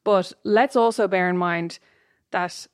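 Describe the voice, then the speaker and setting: A woman's voice: on the low side, slow, no room sound, clean studio sound. A pregnant woman co-hosting a podcast, chatting casually in a wry, joking way. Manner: joking, wry, talks over her co-host. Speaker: podcast co-host. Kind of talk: casual chat.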